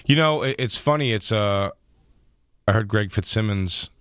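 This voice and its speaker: A male stand-up comedian telling stories in a casual radio interview, talking in rapid bursts and acting out quotes from other people. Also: on the low side, clear, resonant tone, no room sound. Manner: rapid storytelling with lively acted quotes. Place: radio studio.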